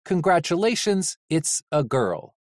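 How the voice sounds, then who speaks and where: A narrator voicing a deadpan, sadistic female nurse robot in an audiobook, speaking slowly and dryly. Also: medium pitch, no echo, studio quality, pitched above the performer's own voice. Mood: sarcastic. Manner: slow, flat, dryly sarcastic. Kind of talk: audiobook character voice.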